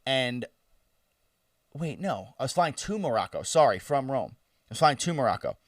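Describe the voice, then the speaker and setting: A man's voice: medium pitch, normal speed, no echo. Young guy podcast cohost, swearing and laughing through a crazy story, voice jumping all over, dry and kinda far from the mic. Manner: animated, profane, laughing storyteller. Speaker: podcast co-host. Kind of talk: casual storytelling chat.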